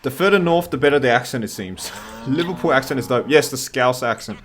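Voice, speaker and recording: Male gaming host, casual think-aloud commentary, average pitch, noisy game-audio bed. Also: animated, fairly quick, a bit bright. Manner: chatty, thinks aloud, wry asides.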